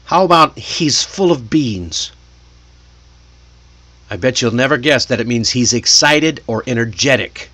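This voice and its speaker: An American man talks through an English lesson at a mid-range pitch. He is chatty and lively, asks the listener questions and laughs easily. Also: unhurried, long pauses. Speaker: English teacher. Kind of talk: casual video lesson.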